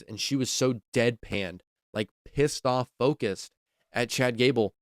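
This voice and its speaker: A man's voice: mid-range voice, unhurried, no room sound, studio quality. A man hosting a wrestling podcast, giving casual, enthusiastic opinion commentary, repeating himself and saying "like" a lot.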